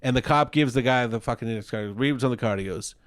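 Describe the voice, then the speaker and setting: A man's voice: medium pitch, fast talker. A man co-hosting a casual podcast, laid back and profane, recounting movie scenes. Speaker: podcast co-host. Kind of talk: casual chat.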